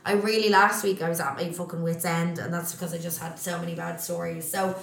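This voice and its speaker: A woman's voice: lowish voice, flat delivery, fast talker, vocal fry, a bit bright, reverberant. A woman co-hosting a casual podcast chat, filling her talk with "like". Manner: chatty, heavy use of filler words like "like". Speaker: podcast co-host.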